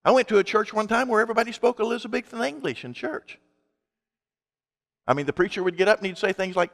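A man's voice: high-pitched, fast talker, gravelly, a bit bright, in a large hall. A male pastor preaching a sermon in an emphatic, conversational way, asking his congregation rhetorical questions.

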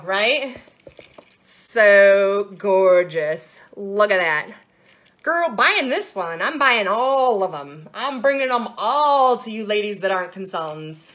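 A woman with a fairly high voice hosts a casual live jewelry sales show. She gushes and jokes in a bubbly, playful way as she shows each piece to her viewers. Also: a bit bright.

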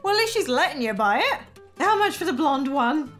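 A young woman commenting on an animated story video with giggly, incredulous running remarks. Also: high voice, fairly quick, faint music behind. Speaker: gaming reaction YouTuber. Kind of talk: reacting to an animated story with voiced lines.

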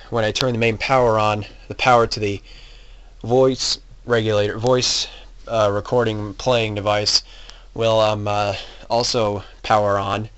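A man's voice: on the low side, clean tone, highs cut off. A man casually explaining his hobby electronics build, thinking aloud and hesitating with frequent ums and uhs. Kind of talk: casual show-and-tell explanation.

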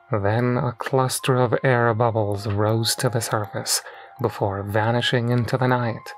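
A man reading a scripted horror story in a slow, measured storytelling manner. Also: mid-range voice, low-quality recording. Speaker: narrator. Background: faint music.

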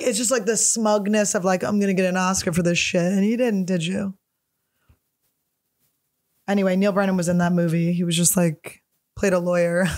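A woman comedian hosting a podcast, rambling in stream-of-consciousness style and swearing freely. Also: medium pitch. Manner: rambling stream-of-consciousness, profane, jumps topics. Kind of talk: casual solo podcast chat.

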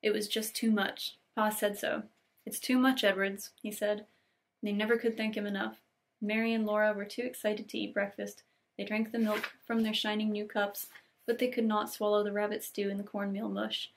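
A young woman reading classic novel passages aloud in an unhurried, gentle storybook way, with casual chatty asides between scenes. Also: mid-range voice, completely flat delivery. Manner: gentle, unhurried reading, lingering on cozy details. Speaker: book channel host reading aloud.

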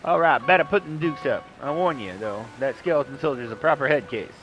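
A man's voice: mid-range voice, lively intonation, brisk, close to an everyday voice, low-quality recording. A man voicing a cocky, mocking male skeleton sailor in a put-on Southern accent over game music. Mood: taunting. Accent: put-on American Southern. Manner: taunting, brash, cackling laugh.

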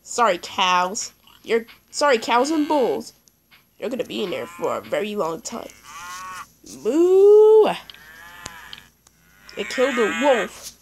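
A woman narrating her game in an excitable let's play style, her voice climbing and dropping all over the place. There is a gravelly fry in her tone, and she talks at an unhurried pace, chatting to the creatures on screen. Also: medium pitch, slight background noise, low-quality recording. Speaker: gaming YouTuber.

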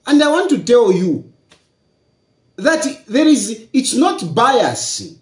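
Emphatic Zambian man, high lively voice. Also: slow pace, reverberant. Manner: repetitive, emphatic, asks rhetorical questions. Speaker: political commentator. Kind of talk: casual political commentary.

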